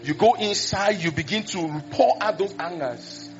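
Brief: high-voiced male preacher, lively storytelling sermon. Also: a little slow, over music. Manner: animated, acts out scenes, exclamations. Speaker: pastor. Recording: dull lo-fi recording.

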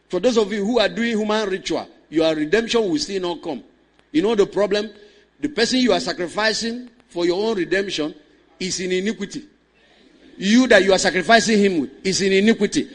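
High-voiced preacher. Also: male voice, animated, moderate pace, husky. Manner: impassioned, swings from loud declamation to hushed storytelling; calls to the congregation for responses. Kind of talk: sermon.

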